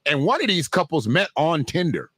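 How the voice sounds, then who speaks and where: Joking, slightly high-voiced male streamer. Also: big pitch swings, normal speed, a bit bright, breathy edge, no echo. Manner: loose, joking, talks straight to viewers. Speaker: livestream host. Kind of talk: casual livestream commentary.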